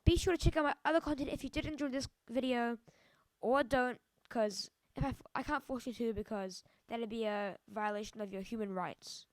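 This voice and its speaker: A woman vlogging a personal story in a halting way, often restarting her sentences and sounding shaken. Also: fairly high pitch. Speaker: YouTuber. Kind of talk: casual storytelling vlog.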